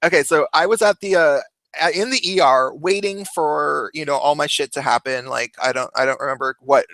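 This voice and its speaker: A man hosting a casual chat stream, telling stories in a rambling, halting way. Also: fairly high pitch, creaky, a bit bright, no echo. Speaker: stream host.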